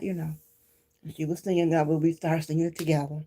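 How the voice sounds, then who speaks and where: Brief: woman vlogger from Detroit, low voice, warm and unhurried, reminiscing straight to camera. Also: little pitch movement. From Detroit, Michigan. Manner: reminiscing, talks straight to viewers. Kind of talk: casual chat to viewers.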